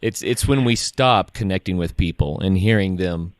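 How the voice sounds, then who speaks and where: A podcast host with a fairly low voice, friendly as he wraps up the interview. The sound is dry and close, with no room around it. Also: moderate pace, no room sound. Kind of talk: interview hosting.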